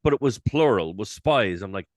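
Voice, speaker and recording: A man co-hosting a casual podcast chat, animated, swearing and acting out his own reactions. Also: lowish voice, normal speed, no echo, studio quality. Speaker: podcast co-host.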